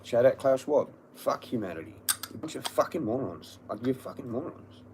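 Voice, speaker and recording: A man's voice: medium pitch, expressive, brisk, dark tone, a little hiss or hum. A man ranting angrily and profanely on a livestream, repeating himself. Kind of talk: angry livestream rant.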